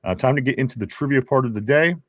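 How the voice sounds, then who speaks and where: Male live-stream co-host, animated and joking, mid-range voice, dry close sound. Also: medium pitch, fast talker, dry recording. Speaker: podcast co-host reading viewer comments. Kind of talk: casual live-stream chat.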